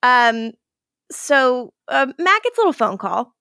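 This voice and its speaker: A woman's voice: sits high, big pitch swings, measured pace, creaky, sharp tone, clear, resonant tone, no echo, studio quality. A woman co-hosting a casual podcast, laughing often and acting out the characters' lines. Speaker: podcast co-host. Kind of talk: casual rewatch podcast chat.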